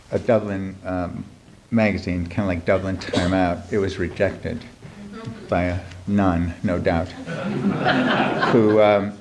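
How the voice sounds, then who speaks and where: At a live reading event, a writer reads his humorous essay aloud in a dry, wry manner, dropping many ums between phrases. His voice sits low, and the background is noisy.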